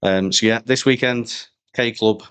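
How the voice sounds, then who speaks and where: A young man talks in a low voice and a loose, rambling way. He co-hosts a casual chat, full of slang and banter. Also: fairly even intonation, a little slow, a bit bright, clear, resonant tone. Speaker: podcast co-host.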